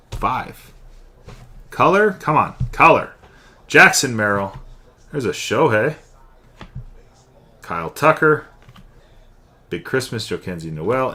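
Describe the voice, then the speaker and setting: This card break host is a young man whose lowish voice sounds bright and forceful. During his live card-opening stream, he chats and calls out each card he pulls.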